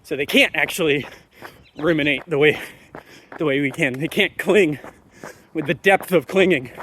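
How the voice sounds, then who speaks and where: High-voiced man on an emphatic rant. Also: moderate pace, slight background noise. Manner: animated, emphatic, repeats phrases for effect. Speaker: parenting commentator. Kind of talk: solo ranting monologue to camera.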